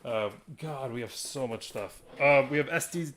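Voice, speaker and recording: A man hosting a live stream from a card shop, talking to viewers in an excitable, rambling way and laughing often. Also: medium pitch, normal speed, slight background noise. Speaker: livestream host of a card shop.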